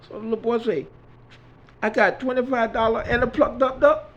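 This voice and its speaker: A joke teller storytells a long, dirty comic joke, acting out each character's lines in turn in Southern US vernacular. His voice is extremely high-pitched with a sharp tone at a moderate pace, and the recording has a dull lo-fi sound.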